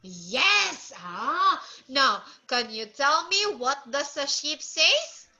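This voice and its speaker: A woman's voice: high-pitched, big pitch swings, bright, forceful tone, low-quality recording. A woman teaching English to a child online, asking simple questions again and again and coaxing answers out of the child. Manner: slow, repetitive, coaxing questions; imitates animal sounds. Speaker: English tutor.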